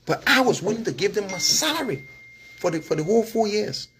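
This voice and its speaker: A man's voice: sits high, lively intonation, fairly quick, fairly bright tone, slight background noise. A man with a Liberian English accent, talking casually and with feeling to his followers, often checking in with "you understand?" and chuckling. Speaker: political vlogger and former candidate.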